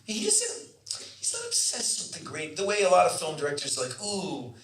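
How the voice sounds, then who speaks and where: Man telling stories, lively, bright, roomy hall, mic far off. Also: high-pitched, brisk. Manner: animated, acts out other people's voices. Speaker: festival Q&A guest. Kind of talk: anecdotal storytelling. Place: festival Q&A venue. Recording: roomy hall, distant mic, faint noise.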